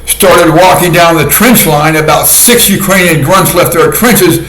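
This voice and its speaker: A man giving a casual monologue commentary in a sardonic way, laughing often at his own dark jokes. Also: on the high side, a little slow. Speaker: video commentator. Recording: echoey room.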